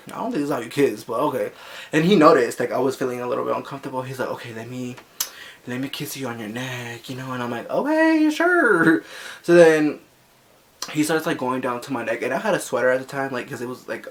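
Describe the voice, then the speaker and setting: A man's voice: mid-range voice, creaky. A young man telling a personal story in a chatty, sassy way, full of filler words. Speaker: vlogger. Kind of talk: casual storytime.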